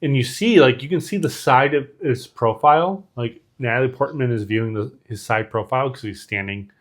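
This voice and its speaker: A man's voice: medium pitch, fairly quick. A man co-hosting a podcast, retelling a film scene in casual chat with lots of fillers and quoted lines. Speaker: podcast co-host. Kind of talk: casual movie recap chat.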